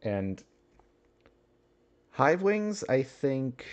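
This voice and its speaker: A man's voice: mid-range voice, big pitch swings, extremely slow. A man chatting casually on a livestream, musing aloud and chuckling often as he answers his chat.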